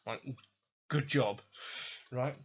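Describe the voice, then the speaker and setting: A man's voice: mid-range voice, very slow, a little hiss or hum. A man hosting a podcast, ranting about video games in a sweary, sarcastic, exasperated way. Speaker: podcast host. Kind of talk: ranting video game commentary. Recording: dull lo-fi recording.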